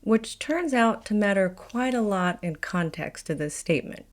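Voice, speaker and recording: A woman's voice: mid-range voice, lively intonation, moderate pace, a little hiss or hum. A woman from Appalachia with an Appalachian accent, narrating a scripted educational video in a wry, confident storytelling manner. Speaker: video host.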